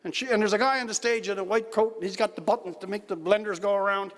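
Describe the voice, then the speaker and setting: Guy telling dry jokes at a dinner, kinda high voice, big echoey hall. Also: fairly even intonation, fast, a bit bright. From Newfoundland, Canada. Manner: wry storytelling with dry jokes. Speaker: keynote speaker. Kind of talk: after-dinner speech. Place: large banquet hall. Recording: hall reverb. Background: audience laughter.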